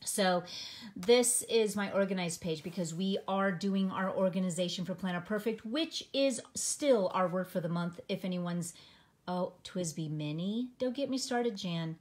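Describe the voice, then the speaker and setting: A woman's voice: lowish voice, a little slow, a little mellow. Bubbly chatty woman host. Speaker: planner community host. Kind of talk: casual live-stream chat. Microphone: phone camera.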